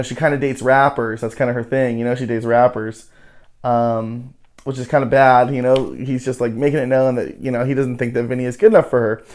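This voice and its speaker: A man hosts a casual recap of a reality show. He rambles in a loose, profane way and leans on fillers. His voice sits at an ordinary middle pitch. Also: a little mellow. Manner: loose, profane, heavy on "you know" fillers.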